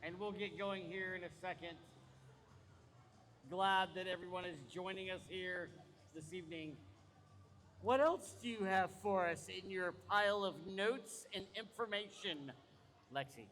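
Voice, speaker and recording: A man calls a roller derby bout in a light, high voice. He jokes easily with his co-announcers. His voice rings with a long arena reverb. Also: unhurried, fairly bright tone. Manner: joking, easygoing banter. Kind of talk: live play-by-play commentary. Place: large arena.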